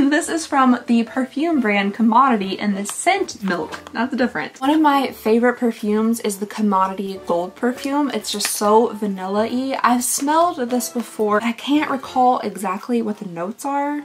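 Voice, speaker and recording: A woman's voice: fairly high pitch, expressive, normal speed, few pauses. A young woman vlogging a beauty unboxing in casual chat, chatty and giggly, her voice a little worn as she is losing it.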